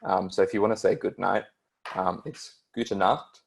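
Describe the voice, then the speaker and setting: Low gravelly young man teaching German. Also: little pitch movement, normal speed. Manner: hesitant, many ums, explanatory. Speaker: German language tutor. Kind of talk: online beginner language lesson.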